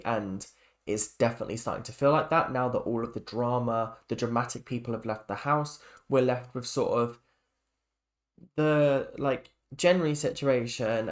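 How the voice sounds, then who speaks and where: A young man giving a rambling, chatty reaction to a reality show, full of fillers and restarts. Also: mid-range voice. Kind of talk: casual opinion rant.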